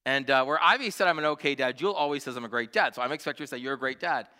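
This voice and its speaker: A man's voice: medium pitch, rapid-fire, sharp tone, in a large hall. A man in his forties preaching a sermon, telling family stories earnestly with frequent fillers and restarts. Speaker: pastor. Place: church.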